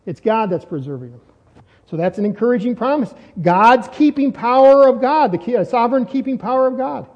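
A man's voice: very high-pitched, lively intonation, brisk, a little mellow. A man preaching a sermon as a pastor, in a conversational style full of rhetorical questions. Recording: dull lo-fi sound with long hall reverb.

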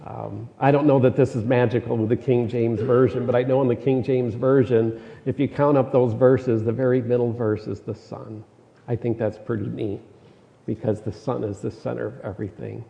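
A middle-aged male preacher with a gravelly, mellow voice, talking through his sermon in an easy, conversational way and hammering home key phrases by repeating them. The sound is dull, with a long reverb trailing off the walls of a big hall. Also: medium pitch, flat delivery, normal speed.

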